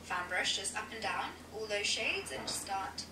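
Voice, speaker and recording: A woman's voice: mid-range voice, moderate pace. Woman narrating a makeup tutorial, noisy and distant. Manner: relaxed, step-by-step instructing. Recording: echoey, distant playback with loud noise.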